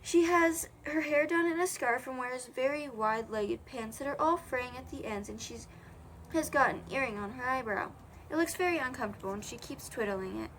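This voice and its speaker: A woman's voice: sits high, normal speed, fairly bright tone, a little hiss or hum. A young woman reading a children's novel aloud in a casual way, correcting her own slips as she goes. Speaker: audiobook reader.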